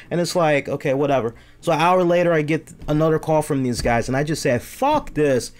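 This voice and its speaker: A man's voice: a little high, brisk, hardly any pauses. A man hosting a live-streamed talk show, telling an exasperated story full of quoted back-and-forth dialogue. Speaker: show host. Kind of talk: casual storytelling rant to a live stream chat.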